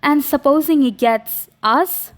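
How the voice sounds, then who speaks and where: A woman's voice: high voice, takes it slowly. A woman reading the lines of a nervous, frightened young woman in an audiobook. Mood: uneasy. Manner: anxious, breathless, urgent.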